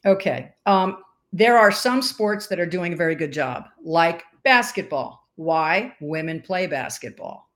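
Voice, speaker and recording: Animated woman in her sixties telling stories. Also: fairly low pitch, measured pace. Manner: animated storyteller who acts out quoted voices. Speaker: podcast guest. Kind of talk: storytelling interview chat.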